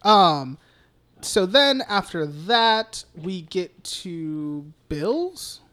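A man's voice: high-pitched, very animated, extremely slow, a bit bright. Male podcast co-host, casual and profane, fills every gap with "like" and "uh.". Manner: profane, rambling retelling with lots of fillers. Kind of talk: casual chat recapping a film.

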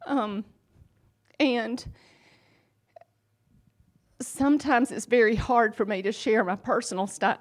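Earnest woman giving a faith testimony. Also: medium pitch. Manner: earnest and emphatic, conversational with fillers. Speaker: speaker sharing a faith testimony. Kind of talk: personal testimony.

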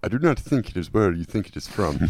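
Very low-voiced man, rambles and hesitates a lot, dry close sound. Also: big pitch swings, fairly quick, creaky, darkish tone, no room sound. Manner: rambling, hesitant, many fillers and restarts. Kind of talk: casual comedy podcast chat.

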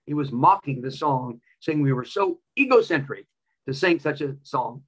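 A man's voice: medium pitch, animated, moderate pace, lo-fi sound. A male preacher delivering a sermon with a personal story, emphatic and repeating key phrases.

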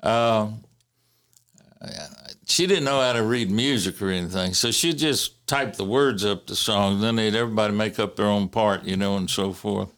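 A man casually telling family stories in a halting way, with many fillers and restarts and the odd chuckle. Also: on the low side, fairly bright tone. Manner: chuckles while recalling. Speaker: interviewee recalling family history. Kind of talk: casual storytelling.

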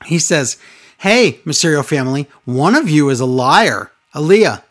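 Sitting low in pitch, this woman's voice is very animated and moves at a moderate pace. She co-hosts a casual wrestling recap podcast, narrating with sarcastic exasperation and doing mocking impressions.

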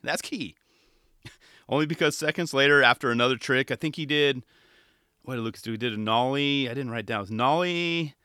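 A man's voice: mid-range voice, bright, forceful tone, no echo, studio quality. A man talking casually about skateboarding commentary, laughing often and mimicking other commentators. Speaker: skateboarding podcast host and contest commentator. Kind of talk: casual monologue.

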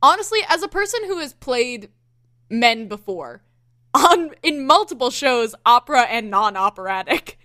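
A woman's voice: fairly high pitch, very animated, moderate pace, pushed and bright, no room sound, clean studio sound. A woman singer co-hosting a casual chat, enthusiastic and laughing often. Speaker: singer and co-host.

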